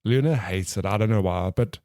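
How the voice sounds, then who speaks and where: A man's voice: on the low side, fairly quick, a little mellow, dry recording, studio quality. A man co-hosting a casual gaming podcast, chatting and laughing often. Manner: laughs often, puts on silly voices for his pets. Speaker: podcast co-host. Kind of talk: casual chat.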